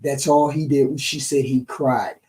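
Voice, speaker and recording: Middle-aged woman co-host, casual animated storyteller, warm mellow tone, sits back from the mic. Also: a bass voice, unhurried, far from the mic, low-quality recording. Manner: animated retelling, tags lines with "right?". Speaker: podcast co-host.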